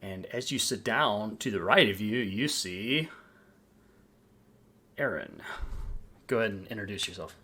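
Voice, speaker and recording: Casual, halting tabletop game master, animated pitch. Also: breathy edge. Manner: halting, lots of ums.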